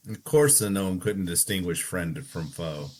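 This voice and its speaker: Male player, low voice, matter-of-fact, casual. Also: a little slow, darkish tone. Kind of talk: casual tabletop game play.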